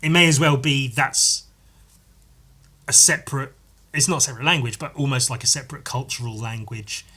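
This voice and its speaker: A man with a bright, forward voice talks through a casual solo podcast episode. He rambles, stops to correct himself and restarts his sentences. He drops swear words freely into everyday chat. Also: medium pitch, fairly quick, breathy edge. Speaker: podcast host.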